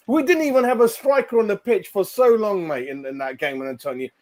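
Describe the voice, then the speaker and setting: A man, co-hosting a football fan channel and shouting his way through a heated post-match reaction rant. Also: high-pitched, sing-song, moderate pace, hardly any pauses. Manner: shouting, ranting.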